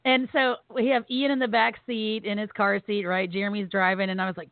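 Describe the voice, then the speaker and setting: A woman's voice: medium pitch, a little fast, no room sound. A woman co-hosting a podcast, telling funny family stories with laughter and acted-out quotes, recovering from surgery and on pain meds. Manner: animated, laughing storyteller acting out quotes. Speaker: podcast co-host. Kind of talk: casual storytelling chat. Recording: tinny phone-like line.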